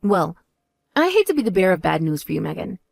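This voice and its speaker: A woman voicing a composed older sister who speaks in a calm, measured and cutting way. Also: gravelly, no room sound, heavily acted. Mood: cool. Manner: measured, calm, lower and drier.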